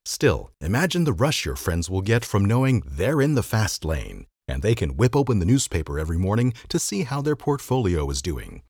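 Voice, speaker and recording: A very deep, husky, slightly breathy male podcast host reads an old magazine article aloud at a normal pace with few pauses. His pitch swings widely in a sing-song way, giving the words a dry, wry lilt, and his tone is a little mellow. The recording is close and dry, with no room sound at all.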